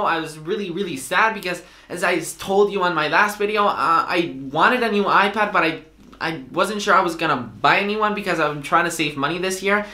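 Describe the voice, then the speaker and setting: An excitable young man tells a story in a vlog, acting out every line of dialogue. His voice sounds bright and forceful, and the room adds a noticeable echo. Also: fairly high pitch. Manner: animated, excitable, acts out dialogue. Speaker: vlogger.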